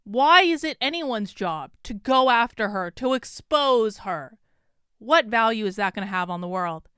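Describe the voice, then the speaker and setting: A woman from Vermont, USA, with a Vermont accent delivers indignant, emphatic YouTube commentary on an online feud. Her voice is a little high, animated, smooth and slightly bright, at a measured pace. The studio-quality audio has no echo.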